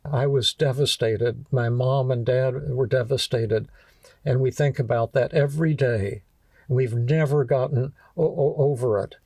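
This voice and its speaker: A man's voice: mid-range voice, darkish tone, dry recording, recorded from a distance. An older man, a psychiatrist, tells a story about a patient, stumbling and repeating words as he speaks. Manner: halting, repeats words often. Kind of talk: storytelling talk.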